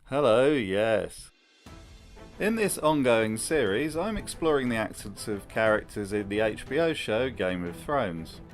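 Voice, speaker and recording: A man's voice: on the low side, animated, unhurried, soft background music. A man hosting a comedic video essay, narrating with dry, mocking commentary.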